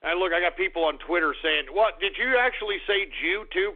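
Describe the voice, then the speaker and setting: A man hosting a radio show in a comedic on-air rant, excitable and profane, swinging between muttering and shouting. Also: high-pitched, brisk, few pauses. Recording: tinny phone-like audio.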